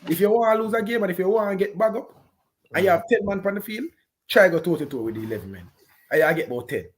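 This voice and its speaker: A man with a Jamaican accent giving an animated, patois-heavy post-match reaction on a football game. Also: sits high, fast. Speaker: football fan pundit.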